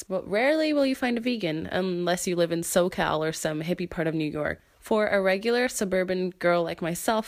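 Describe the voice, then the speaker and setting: Young woman, stuffy nose, low voice. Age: young adult. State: nasal from a cold. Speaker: podcast host. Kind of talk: scripted podcast monologue.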